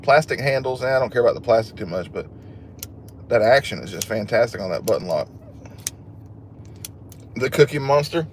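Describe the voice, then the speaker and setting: A man's voice: medium pitch, animated, moderate pace, long pauses, slight background noise. A man hosting a casual livestream, chatting with viewers and joking at his own expense. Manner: chatty and joking, laughs at himself. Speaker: livestream host. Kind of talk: casual live chat, reading viewer comments.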